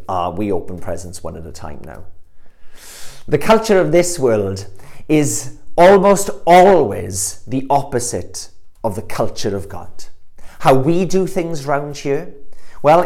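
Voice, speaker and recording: Earnest male preacher. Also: mid-range voice. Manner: earnest, swells louder and slower on key words. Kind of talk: sermon.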